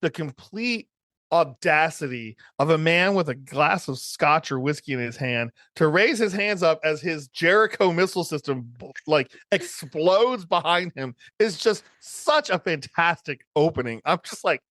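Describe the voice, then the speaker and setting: A man's voice: on the high side, animated, moderate pace, a bit bright, dry recording, clean studio sound. A man in his forties co-hosting a podcast, chatting casually and enthusiastically, rambling with restarts. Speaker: podcast co-host. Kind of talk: casual chat.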